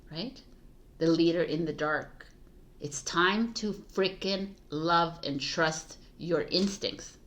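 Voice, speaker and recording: Candid, swearing woman tarot reader. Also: low voice. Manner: candid, swears freely, lots of fillers. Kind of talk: casual spiritual monologue.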